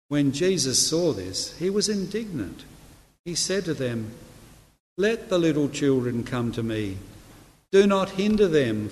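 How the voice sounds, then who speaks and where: Preacher, New man, unhurried measured sermon delivery, long church-hall reverb. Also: fairly high pitch. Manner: slow, measured reading with quiet, soft delivery of quoted words. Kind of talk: sermon with scripture reading.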